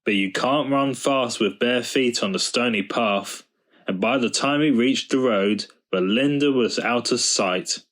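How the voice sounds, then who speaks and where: A man reading a children's storybook aloud, in slow, measured storytelling. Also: mid-range voice, fairly bright tone. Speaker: storybook reader.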